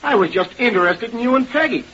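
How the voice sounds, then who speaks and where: A man's voice: very high voice, expressive, fast talker, bright, forceful tone, exaggerated voice. An actor playing a nosy backstage man who teases with wry wisecracks, in 1930s radio-drama style. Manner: teasing, wry. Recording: dull, hissy old radio transcription.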